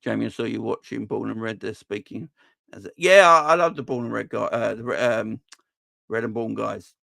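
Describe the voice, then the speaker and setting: A man hosting a fan channel livestream, chatting casually and reading out comments, his voice jumping high when he rants. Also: normal speed, gravelly, no room sound, clean studio sound. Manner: animated, voice jumps high when ranting.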